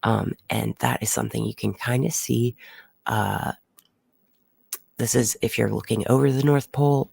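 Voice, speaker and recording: Gravelly livestream host, rambling explainer. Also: male voice, on the low side, no echo. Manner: rambling, full of fillers and restarts. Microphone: close microphone.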